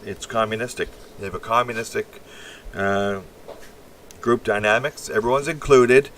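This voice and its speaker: A man's voice: fairly low pitch, steady tone, moderate pace, fairly bright tone, far from the mic, slight background noise. Blunt, rambling man on a livestream. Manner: rambling, blunt and crude, reacting to the chat. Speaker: livestream host. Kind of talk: casual live-stream chat.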